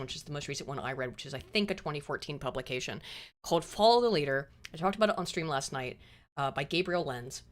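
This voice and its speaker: A woman hosting a casual political chat, blunt and quick to swear, laughing now and then. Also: medium pitch. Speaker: host.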